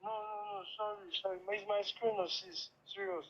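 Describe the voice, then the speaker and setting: A man's voice: high voice, flat delivery, brisk, muffled recording. A man speaking hesitantly and stammering as a caller on the phone, heard faintly through a phone speaker.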